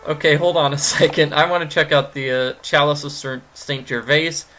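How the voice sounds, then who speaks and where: A man's voice: on the high side, steady tone, normal speed, over music. A man giving gameplay commentary, rambling and cracking goofy jokes. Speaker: let's player.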